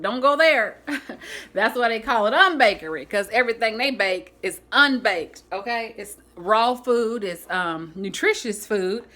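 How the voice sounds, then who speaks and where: A woman vlogging casually to the camera, chatty and animated, often laughing and using folksy, churchy phrasing. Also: mid-range voice. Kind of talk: casual vlog talk to camera.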